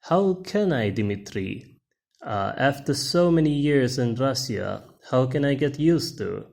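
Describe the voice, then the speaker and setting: A man's voice: mid-range voice, lively intonation, a little slow, gravelly, darkish tone. A man reading the lines of a homesick Russian wife from a comic in a plain voice. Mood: plaintive.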